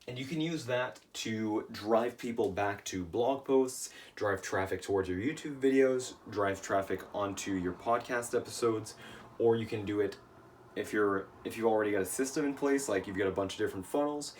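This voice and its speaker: Tired man, low voice, a bit off-mic. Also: moderate pace, recorded from a distance, a little hiss or hum. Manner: casual, says "right?" often. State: tired, voice shot. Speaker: email marketing coach. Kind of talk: casual video lesson.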